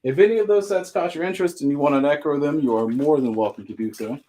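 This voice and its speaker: Man, live-sale host, casual rambling jokes, slightly high voice. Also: fast, mellow. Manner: joking, rambling asides between listings. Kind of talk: casual live-stream selling.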